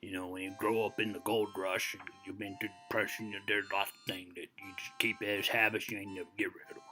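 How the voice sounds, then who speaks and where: An ancient, boastful old-timer voiced by a man spins a rambling yarn, wandering off into digressions and padding every phrase with "you know." His voice sits a little low yet rings very bright and forceful, with faint music behind him. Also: level tone, a little fast. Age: over 60. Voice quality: folksy drawl full of "you know" fillers. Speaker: storyteller. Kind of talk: comedic character monologue.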